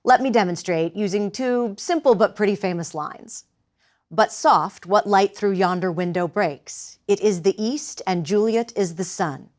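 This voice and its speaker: Woman, acting teacher, measured lecture with demonstrations, faint background noise. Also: medium pitch, a little mellow.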